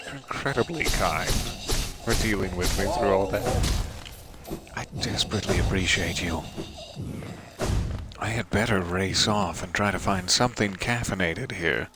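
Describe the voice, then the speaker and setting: A man's voice: on the low side, moderate pace, music in the background. A young man casually commenting while he plays a game, playful, theatrical and self-mocking. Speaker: game streamer.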